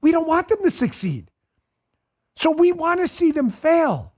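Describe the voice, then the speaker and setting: A middle-aged man hosting a political talk show, ranting in a mocking, animated way and slipping into sarcastic impressions. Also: very high-pitched, unhurried. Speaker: show host.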